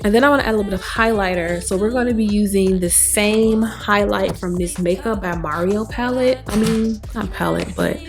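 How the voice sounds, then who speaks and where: A young woman talks casually through a makeup routine at home, her voice tired and a little raspy. She is chatty and animated and drifts into talk about faith. Soft music plays faintly behind her. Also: medium pitch, brisk, hardly any pauses. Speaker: beauty vlogger. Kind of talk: casual chat while doing makeup. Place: home, new apartment.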